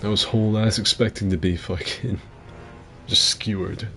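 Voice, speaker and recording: A man with a rough, gravelly voice giving crude, joking commentary on a game fight club and answering chat as the host. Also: lowish voice, fairly even intonation, normal speed, fairly bright tone, soft background music. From mixed heritage, partly Asian. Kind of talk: casual gaming commentary.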